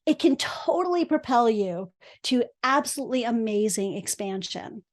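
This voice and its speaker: Emphatic middle-aged woman, high voice. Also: moderate pace. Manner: emphatic, with lively swings in pitch and loudness. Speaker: guest, real estate investor and podcast host. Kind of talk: casual interview chat.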